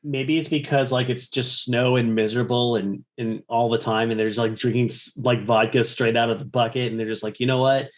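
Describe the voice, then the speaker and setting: A man's voice: medium pitch, fairly even intonation, fairly quick, hardly any pauses. A man co-hosting a casual comedy podcast, joking loosely in banter. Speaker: podcast co-host.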